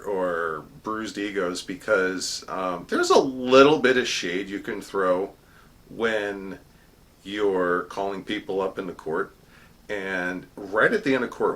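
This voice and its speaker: A middle-aged man, a court herald, chatting casually about an event, with fillers and restarts. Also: bright, forceful tone. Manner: booming formal proclamation when quoting court cries. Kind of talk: casual storytelling monologue.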